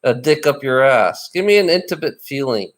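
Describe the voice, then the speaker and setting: A man of middle pitch, talking in a loose, casual chat. He rambles and teases, circling back over his words with frequent restarts. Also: lively intonation, moderate pace. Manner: rambling and teasing, with many repeated restarts.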